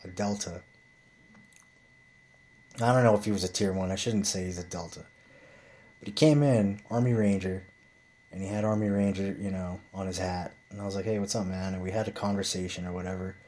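A man's voice: deep voice, steady tone, brisk, pauses often, a little mellow. A man telling a rambling bar story in a blunt, profane, casual way, with frequent restarts.

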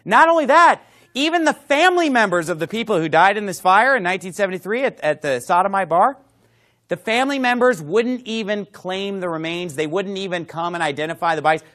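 Lively high-voiced male preacher. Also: fairly quick. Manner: emphatic, lively preaching with asides. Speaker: pastor. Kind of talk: sermon.

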